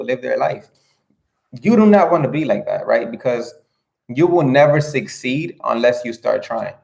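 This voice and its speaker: A young man gives an earnest, casual motivational talk straight to his camera. His voice has a gravelly, creaky edge at a middle pitch. He circles back over his points and keeps checking in with a quick "right?". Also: a little mellow. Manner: earnest, repetitive, asks "right?" often. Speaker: motivational vlogger.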